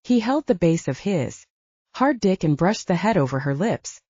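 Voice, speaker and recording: Animated female audiobook narrator. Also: on the low side, normal speed, slightly rough, no echo, dull audio. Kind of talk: scripted narration.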